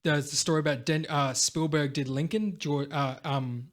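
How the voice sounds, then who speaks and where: A young man co-hosting a casual podcast, retelling film scenes with lots of fillers and bursts of excitement. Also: a little high, normal speed. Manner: animated storyteller, acts out film scenes, lots of "like" and "dude". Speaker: podcast co-host. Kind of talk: casual chat.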